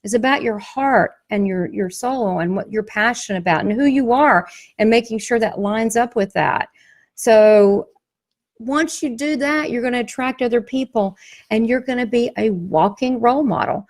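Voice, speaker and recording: A woman's voice: on the high side, normal speed. A woman with a Southern US accent, a psychic medium promoting her class, talking in an emphatic, folksy way. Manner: emphatic, folksy, animated storytelling. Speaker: psychic medium, workshop host. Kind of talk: motivational promo talk.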